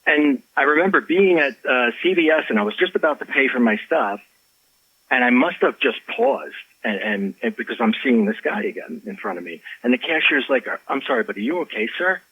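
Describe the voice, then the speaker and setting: Male author guest, husky voice, lively storyteller on dull lo-fi audio. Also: mid-range voice, fairly quick, no echo. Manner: animated, many restarts and fillers. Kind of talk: storytelling in a podcast interview.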